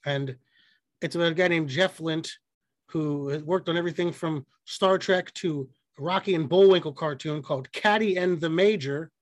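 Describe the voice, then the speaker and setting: A man's voice: a little high, normal speed, no room sound. A young man co-hosting a podcast, rambling and joking in casual chat, swearing freely. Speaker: podcast co-host.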